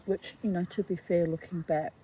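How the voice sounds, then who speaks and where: A middle-aged woman reading aloud from her own memoir, reflective and halting, with frequent asides. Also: on the low side, fairly even intonation, dark tone, a little hiss or hum, low-quality recording. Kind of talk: personal storytelling read aloud.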